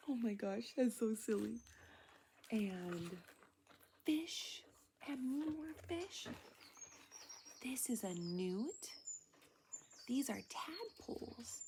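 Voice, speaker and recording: A woman reading a picture book aloud to young children, often in a hushed, whispery voice with gasps of wonder, pointing things out and asking questions. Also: mid-range voice, expressive, slow, pauses often, noisy background. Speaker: children's storybook reader.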